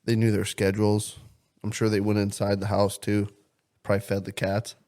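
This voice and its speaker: A young man with a fairly low voice trades crude, profanity-laced jokes with a friend on a casual podcast. He talks loosely and confidently, like he's holding court. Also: completely flat delivery, normal speed. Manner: loud, crude, joking, swears constantly. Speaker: podcast co-host.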